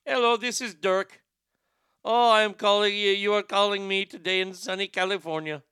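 A man's voice: high voice, fairly even intonation, normal speed, sharp tone, clean tone, dry recording, studio quality. A man putting on an Indian accent to voice an overly upbeat young male call-center worker. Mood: chirpy. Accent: put-on Indian accent.

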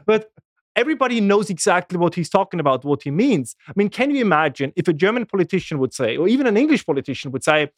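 A man, a guest making lively, animated arguments in a casual political discussion. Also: sits high, fast talker, dry recording, clean studio sound. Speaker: guest commentator.

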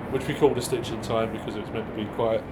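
A man being interviewed about improv comedy, talking casually in quick, self-deprecating bursts with frequent restarts. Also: lowish voice, level tone, noisy background. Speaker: improv performer guest.

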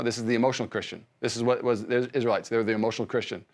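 A man preaching a sermon as pastor, swinging between quiet, slow passages and loud, fervent bursts, often repeating words as he restarts. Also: mid-range voice.

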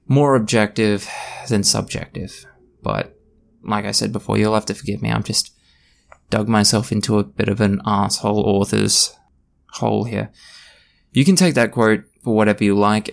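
Hosting a podcast on his own, a man with a low, gravelly voice speaks bluntly and passionately. It comes across as a ranting monologue full of feeling.

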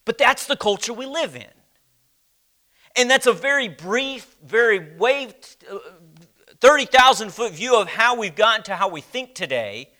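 Slow, bright-voiced man teaching Bible class. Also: very high voice, animated. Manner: slow, emphatic, asks the class questions. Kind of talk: church Bible class lesson.

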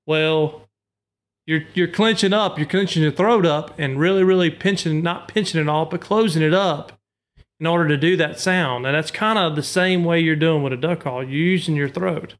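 A man with a slightly higher voice explains duck calling in relaxed, conversational detail. He talks patiently, walking through each step with homely examples. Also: fairly quick. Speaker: duck call instructor. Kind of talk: casual instructional chat.

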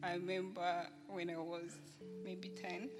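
A woman telling a personal testimony at a church service in a halting way, with small laughs along the way. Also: fairly low pitch, completely flat delivery, background noise. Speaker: church member giving testimony.

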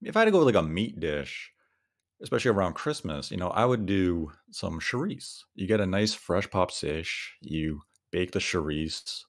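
A man with a very low voice chats in an easygoing, casual way. His pitch still rises and falls a lot as he talks. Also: very animated, moderate pace. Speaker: podcast co-host. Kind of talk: casual chat.

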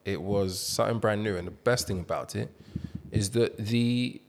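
A man's voice: on the low side, normal speed. A young British man, chatting casually as a podcast host. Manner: animated storyteller, laughs through his own jokes. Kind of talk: casual chat.

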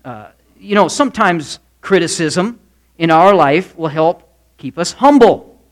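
A man's voice: a little high, lively intonation, a little slow. A male pastor giving a Wednesday night sermon in a folksy manner, mixing stories, jokes and asides. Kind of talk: midweek church sermon.

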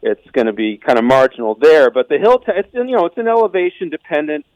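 A man, a weatherman on the phone, calmly explaining a coming snowstorm. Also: a little high, quick pace, dry recording, low-quality recording. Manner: relaxed, explanatory. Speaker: meteorologist caller. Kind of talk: weather forecast on air. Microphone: phone line.

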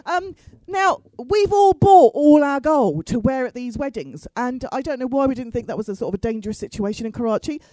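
A woman's voice: high-pitched, lively intonation, fairly quick, hardly any pauses, dark tone, no echo, poor audio. A middle-aged woman telling a comic story to an audience, chatty and self-mocking with asides to the crowd. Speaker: storyteller on stage.

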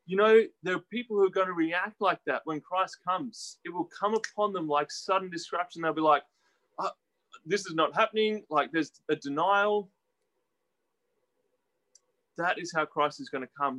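A man delivers a sermon in a bright, fairly high voice. He talks in a conversational way, asking his listeners questions and acting out the quoted voices with lively shifts in pitch. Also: normal speed, low-quality recording. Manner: animated, acts out quoted voices with rising pitch. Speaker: preacher.

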